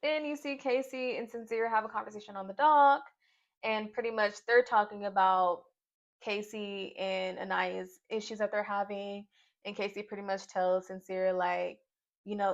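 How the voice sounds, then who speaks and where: A YouTube reviewer from Nashville, Tennessee, US, chats through a reality TV recap in a casual vlog, tossing in sassy, playful asides. Her voice is medium-pitched and steady at a moderate pace. The audio sounds dull and lo-fi.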